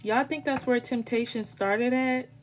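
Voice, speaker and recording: A woman's voice: a little high, a little slow, soft background music. A woman doing a casual live tarot reading, talking in a blunt, rambling way full of swearing. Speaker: tarot reader.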